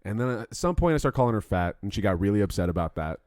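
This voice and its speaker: A young man co-hosting a casual podcast, a lowish voice spinning animated, profane stories. The sound is close and dry, with no room around it. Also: fast, no room sound. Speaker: podcast co-host. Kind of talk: casual chat.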